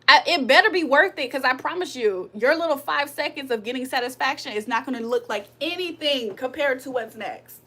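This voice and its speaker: A woman with a high, bright voice chats on a livestream. She hosts spiritual card readings but talks bluntly, swears freely and vents her annoyance at her audience. Her delivery is loose and unscripted. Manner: blunt, profane, annoyed venting with frequent laughs. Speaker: spiritual reader and livestream host. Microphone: streaming setup.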